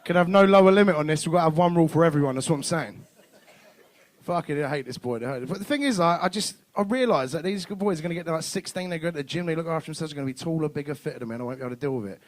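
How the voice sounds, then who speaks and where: A man's voice: a little high, expressive, racing. A man, doing a stand-up comedy set in a club, swearing and acting out bits of dialogue. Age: 30s. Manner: swearing, acts out dialogue with shifts of voice.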